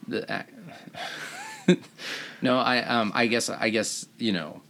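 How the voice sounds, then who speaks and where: A man's voice: mid-range voice, slow, fairly bright tone. A man, a surgeon hosting a podcast, telling rambling self-mocking stories in casual chat.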